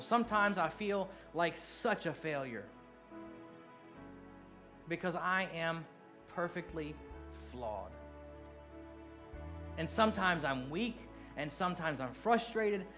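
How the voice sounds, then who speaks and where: An earnest middle-aged pastor with a drawl delivers a sermon in a fairly high voice. He swings between hushed, drawn-out lines and quick, animated bursts. Soft music plays faintly underneath.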